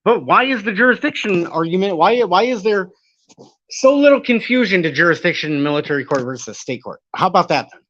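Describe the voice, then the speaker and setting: With a high-pitched, slightly bright voice and lively intonation, a man hosts a live stream a little fast. He reads and answers chat in a rambling, argumentative way, swearing now and then, over dull lo-fi audio.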